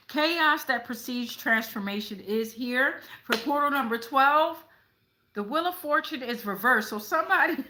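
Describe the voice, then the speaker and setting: A woman's voice: a little high, pushed and bright, poor audio. A woman hosting a casual tarot reading, chatty, often tagging her sentences with "okay?" and swearing now and then. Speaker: tarot reader.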